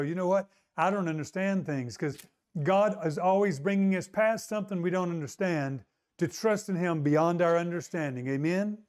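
A man's voice: a little high, darkish tone. A male pastor preaching a sermon in a conversational way, often asking the congregation to agree.

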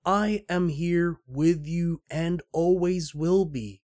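A man voicing a sorrowful, weary old man who speaks softly and solemnly, in a read-aloud book passage. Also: fairly high pitch, slow, pitched above the performer's own voice.

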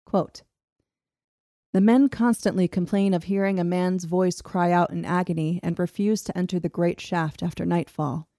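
Mellow-voiced woman podcaster reading a story. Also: mid-range voice, dry recording, clean studio sound. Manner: steady storytelling with laughs between. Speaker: podcast host. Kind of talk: reading a history script with banter.

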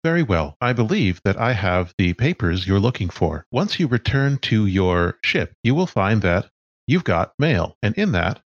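A man voicing a polite, scheming cyborg fixer who is part machine, speaking smoothly in a businesslike way. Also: lowish voice, sing-song, normal speed, no room sound, dull audio.

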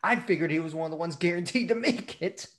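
A man with a slightly higher voice talks about movies with his friends. He is animated and enthusiastic, swears freely, and builds his ideas with a lot of energy. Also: fast talker. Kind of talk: casual movie chat.

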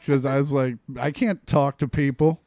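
A man's voice: medium pitch, moderate pace, no room sound. A middle-aged male comedian telling stories in casual podcast chat, acting out the voices of the people in them. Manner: animated storyteller acting out quotes.

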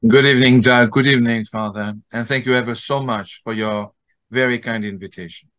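A man's voice: mid-range voice, fairly even intonation, fairly quick, a bit bright, no echo. A man from France with a French accent, a guest on a podcast, speaking in a formal, courteous way with frequent hesitations. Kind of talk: casual interview talk.

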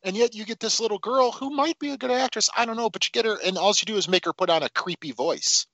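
A man's voice: high voice, fast, pushed and bright, no echo, lo-fi sound. A man co-hosting a casual film podcast, talking animatedly and swearing freely. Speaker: podcast co-host.

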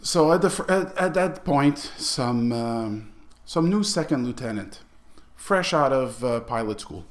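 A middle-aged man, a podcast guest telling a story in a casual, animated way and slipping into quiet asides. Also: medium pitch, a little slow. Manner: animated, acts out the people in his stories, drops to quiet asides.

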